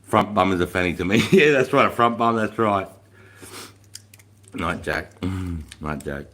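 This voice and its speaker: A middle-aged man with a deep, low-pitched voice talks casually to his livestream viewers. He rambles, swears a lot and laughs easily as he answers their comments. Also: animated, a little slow, fairly bright tone. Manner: profane, rambling, laughs often. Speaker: livestream host.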